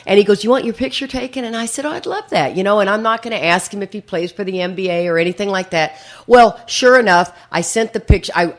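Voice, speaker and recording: An older woman sharing her story at a recovery meeting, chatty and rambling, often repeating words as she starts a sentence. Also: sits low. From USA. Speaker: AA speaker.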